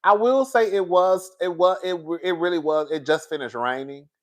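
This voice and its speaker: A man's voice: high voice, normal speed. Exasperated chatty man on a livestream. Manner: exasperated, repeating himself, addressing viewers as girl and y'all. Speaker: livestream host. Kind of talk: casual livestream chat.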